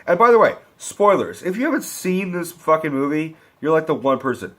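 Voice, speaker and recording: Husky, profane middle-aged man ranting. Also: a little high, brisk. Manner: profane, rambling, excitable. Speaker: vlog host. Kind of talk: ranting movie review.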